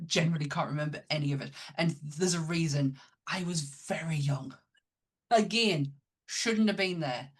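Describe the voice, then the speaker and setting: This Northern English woman, co-hosting a podcast, talks films with casual enthusiasm and plenty of false starts. She speaks at a moderate pace in a low, slightly rough voice.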